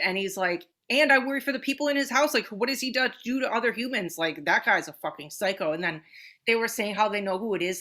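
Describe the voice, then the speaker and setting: Bright-voiced, swearing woman podcaster. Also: mid-range voice. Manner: animated, profane storytelling. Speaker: podcast co-host. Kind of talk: casual chat.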